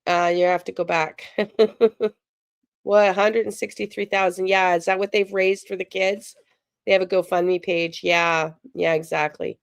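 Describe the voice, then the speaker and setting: A woman's voice: lowish voice, steady tone, measured pace, vocal fry, clear, resonant tone, dry recording, clean studio sound. Chatty woman hosting a live stream. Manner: chatty, reads and answers viewer chat aloud; emotional, sympathetic. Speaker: livestream host. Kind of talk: casual live-stream chat.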